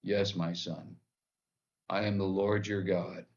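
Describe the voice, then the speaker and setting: A man doing the booming voice of God. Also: little pitch movement, a little mellow, muffled recording. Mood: solemn. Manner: slow, solemn, booming. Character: booming calm voice of God from above.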